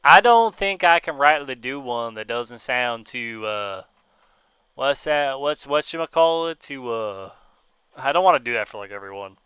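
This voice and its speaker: A man's voice: mid-range voice, animated, a little slow, sharp tone, smooth, no room sound, lo-fi sound. A man streaming a video game, chatting and swearing casually and joking with viewers. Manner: profane, joking, frequent laughs. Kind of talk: gaming livestream commentary.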